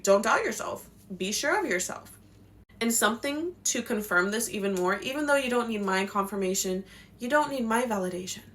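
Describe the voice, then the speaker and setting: A woman's voice: fairly high pitch, expressive, moderate pace, a bit bright. A young woman giving spiritual life advice in a casual, passionate, slangy talk, swearing now and then. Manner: passionate, slangy, swears, acts out quotes in voices.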